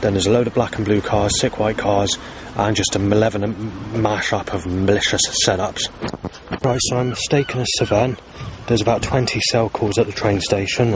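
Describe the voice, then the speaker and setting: A man recording a rambling spoken diary outdoors in town, agitated and swearing heavily. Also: on the low side. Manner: agitated, heavy swearing, bursts of anger. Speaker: vlogger recording his day. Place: outdoors in town, at streets, stations and bus stops. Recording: outdoor street noise and passing vehicles.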